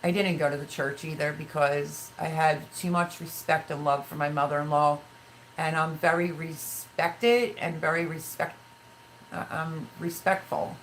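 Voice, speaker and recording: Middle-aged lady chatting on her live stream, deep voice, rambly and open, faint hiss behind. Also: steady tone, a little slow, low-quality recording. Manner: candid, rambling, emotional. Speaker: livestream host. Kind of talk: casual live-stream chat, reading viewer comments.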